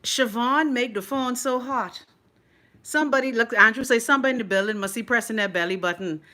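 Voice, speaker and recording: Laughing Bahamian woman, bright high voice. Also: brisk. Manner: laughs often, animated and playful. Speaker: livestream host. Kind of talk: casual live-stream chat reading comments. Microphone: phone.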